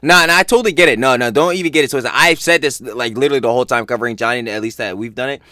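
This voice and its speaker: A man riffs through casual reaction commentary, slangy and exasperated, breaking into laughs. His voice sounds bright and forward. The recording is dry and close. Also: mid-range voice, rapid-fire, no room sound. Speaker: reaction channel co-host.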